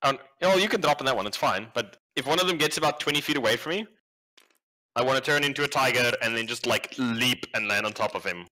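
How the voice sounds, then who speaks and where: A man's voice: medium pitch, animated, quick pace, sharp tone, rough recording. A man playing a tabletop game, eagerly planning his character's moves aloud. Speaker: player. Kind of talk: casual tabletop play.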